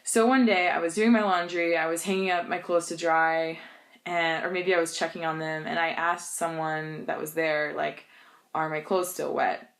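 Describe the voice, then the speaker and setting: Chatty and animated, this young native English speaker laughs often while telling funny stories on her casual vlog. Her voice is slightly low and she keeps a moderate pace.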